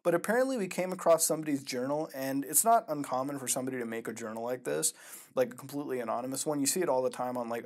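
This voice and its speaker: Profane, excitable male host. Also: mid-range voice. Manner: profane, excitable, swings from mumbling to loud outbursts. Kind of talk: casual reaction commentary.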